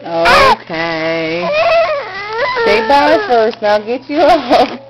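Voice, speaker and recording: A woman's voice: high-pitched, huge pitch swings, very slow, very noisy. A mother talking to her baby in a home video, with coaxing, sing-song baby talk.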